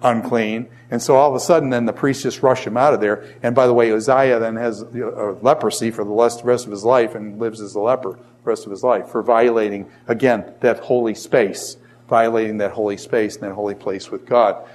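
Lively man teaching a Bible class. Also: mid-range voice, brisk. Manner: asks the class questions and answers them himself; animated storytelling with jokes and asides.

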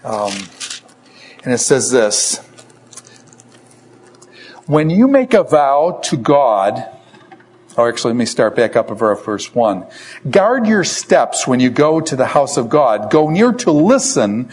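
A man's voice: medium pitch, big pitch swings, measured pace. Man teaching scripture, asking questions. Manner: asks questions and answers them himself. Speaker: Bible teacher. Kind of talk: lecture on a book of scripture.

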